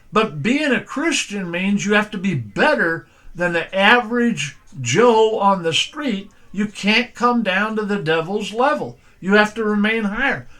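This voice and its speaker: Bright-voiced older pastor. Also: male voice, high voice. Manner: plainspoken storytelling, folksy and firm. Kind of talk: sermon with personal stories.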